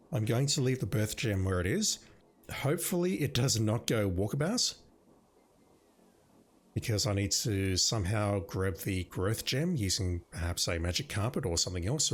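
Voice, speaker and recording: Casting: low-voiced male gamer, lively swinging pitch, casual playthrough chatter. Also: moderate pace. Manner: thinking aloud, wry asides. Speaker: let's-play gamer. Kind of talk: casual gameplay commentary.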